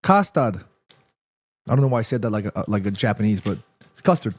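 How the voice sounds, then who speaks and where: A man's voice: on the low side, very fast, darkish tone. A man hosting a live football watchalong, chatting to viewers and reacting to the match as it happens. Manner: chatty, addresses viewers directly, reads chat aloud.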